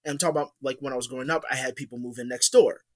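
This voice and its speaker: A man's voice: mid-range voice, steady tone, racing. A man telling a story in casual podcast chat, rambling with many fillers and restarts. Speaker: podcast co-host.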